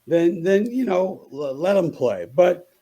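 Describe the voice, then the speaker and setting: A man with a hoarse morning voice, guesting on a sports talk radio show and giving opinionated takes with frequent restarts. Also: high-pitched, lively intonation, a little slow, warm tone.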